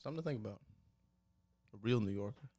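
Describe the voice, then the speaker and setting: A man's voice: on the low side, expressive, fast, dark tone. A man with a New York accent, co-hosting a podcast in casual, joking chat. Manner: joking, tries silly accents. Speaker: podcast co-host.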